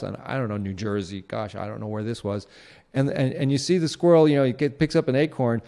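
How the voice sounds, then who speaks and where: A man's voice: mid-range voice, warm tone. A man hosting his own show, talking through a casual solo commentary in a rambling way, with many fillers and restarts. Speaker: show host.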